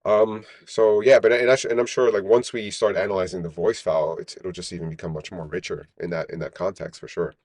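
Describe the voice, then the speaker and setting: A low-pitched man speaks as a podcast guest, explaining his work in a loose, rambling way and checking in with "right?" again and again. The sound is dry and close, with no room echo. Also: steady tone, fairly quick, few pauses, a little mellow. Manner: rambling, frequent "right?" tags and restarts. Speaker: startup founder, guest. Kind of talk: casual podcast interview.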